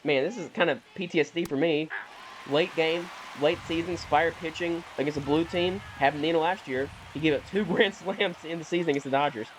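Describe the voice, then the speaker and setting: A man's voice: fairly high pitch, brisk, slight background noise. A young man giving casual, rambling commentary over a video game, often correcting himself and sounding mildly exasperated. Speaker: gaming YouTuber.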